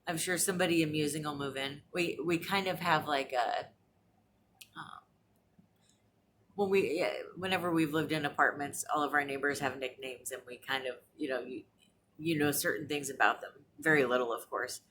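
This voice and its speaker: A woman around forty talks casually at home for her vlog in a low, deep voice. She rambles along with plenty of fillers and restarts. A faint hiss sits under the recording. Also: moderate pace, fairly bright tone. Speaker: vlogger. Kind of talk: casual chat. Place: apartment.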